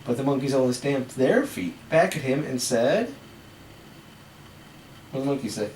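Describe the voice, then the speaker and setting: A woman reading a picture book aloud to a child, animated, with asides in between. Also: very deep voice, normal speed. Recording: echoey room, far from mic, background noise.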